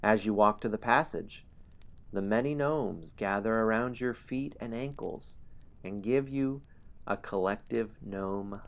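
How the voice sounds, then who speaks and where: This streamer's lowish voice has vocal fry as he runs a dice game and chats casually with viewers. Relaxed, he reads story passages aloud and chuckles often between lines.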